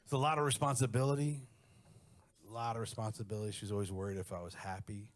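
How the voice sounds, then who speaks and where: A man's voice: on the low side, fairly even intonation, quick pace. A man doing a crude, conversational stand-up set on a radio show, later chatting casually as the guest. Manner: crude, conversational storytelling with acted-out quotes. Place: radio studio.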